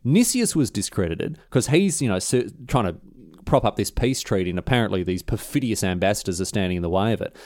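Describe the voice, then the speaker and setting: A man with an Australian accent hosting a history podcast, telling the story in a casual, slangy, animated way. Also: on the low side, a little fast. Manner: animated, slangy, acts out characters' voices. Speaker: podcast host.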